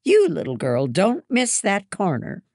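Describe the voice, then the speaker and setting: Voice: mid-range voice, wildly swooping pitch, a little slow, darkish tone, no room sound, clean studio sound, pitched above the performer's own voice, heavily acted. A reader doing a cold, curt matron. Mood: cold commanding. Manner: curt, ordering. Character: cold strict woman dormitory matron.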